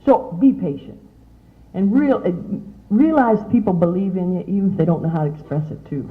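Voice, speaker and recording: A middle-aged woman gives an animated motivational talk to teen girls, often asking her audience questions. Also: on the low side, fairly quick. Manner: chatty, animated, asks the audience many questions. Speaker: speaker at a youth conference. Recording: tinny, phone-like lo-fi sound.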